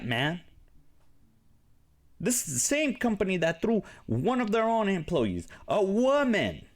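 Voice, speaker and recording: A young adult man rants through a casual reaction commentary, blunt and full of swearing. His voice sits a bit high and swings widely in pitch as he gets worked up. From Mexican-American, grew up near a casino. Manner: blunt and profane, animated rants.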